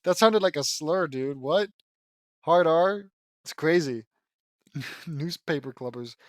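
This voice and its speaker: Guy reading fanfic out loud and roasting it, kinda high voice, swears a lot, dry close sound. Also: slow, no room sound. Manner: sarcastic, exasperated asides with swearing. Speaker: fan fiction reader and commentator. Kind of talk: mocking read-along of fan fiction.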